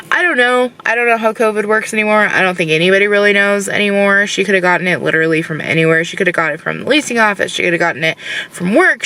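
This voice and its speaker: Brief: woman vlogger, casual rant from her car, frustrated and rambling, bright tone with vocal fry. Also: mid-range voice, rough recording. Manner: frustrated, rambling, says "like" constantly.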